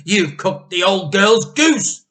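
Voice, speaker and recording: Shrill, bright-voiced scolding mother from a storybook read aloud, as a male reader puts her on. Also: big pitch swings, takes it slowly, heavily acted. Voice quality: high and shrill, near shouting.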